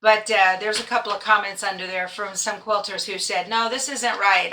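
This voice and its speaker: Bright, chatty woman quilting host. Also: medium pitch, fairly even intonation, normal speed, hardly any pauses, a little hiss or hum. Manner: chatty, self-deprecating, laughs often. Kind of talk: casual chat to camera. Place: at home, tractor outside.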